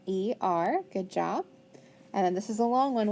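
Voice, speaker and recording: Warm and animated, this woman speaks in a mid-range voice at normal speed while teaching phonics to young pupils. She's patient and full of praise, poses questions and answers them herself, and spells each word out letter by letter.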